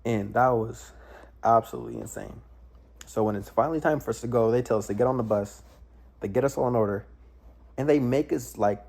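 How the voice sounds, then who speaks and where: Mellow, husky young man telling stories. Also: mid-range voice. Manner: rambling, with many "right?" tag questions and restarts. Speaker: storyteller. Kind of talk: casual storytelling.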